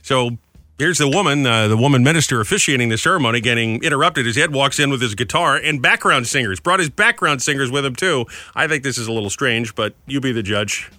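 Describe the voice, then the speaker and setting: A man co-hosting a casual podcast, joking and animated as he tells news stories and banters with his co-host. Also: medium pitch, fast talker, dry recording. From New England. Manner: joking, animated, slips into put-on voices. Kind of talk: casual chat.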